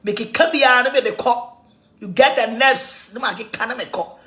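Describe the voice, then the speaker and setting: A woman with a Ghanaian accent in an animated, mocking rant, laughing mid-sentence and switching between languages. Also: a little high, a little fast.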